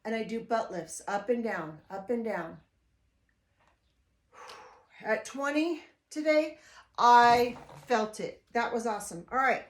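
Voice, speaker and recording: An older woman vlogs casually at home in an echoey room, her voice high and animated. She speaks slowly and pauses often, chatty and emotional, rambling and frequently starting over.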